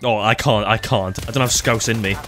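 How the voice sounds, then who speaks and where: A young man laughing and bantering excitably with a friend while playing an online shooter on a headset. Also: on the low side, brisk. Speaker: co-player. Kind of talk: casual gameplay chat. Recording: faint game music behind.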